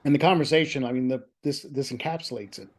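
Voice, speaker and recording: A man being interviewed about his book over a video call, telling lively anecdotes in a chatty, self-deprecating way. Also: medium pitch, fast talker. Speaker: author, interview guest. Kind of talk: casual storytelling chat.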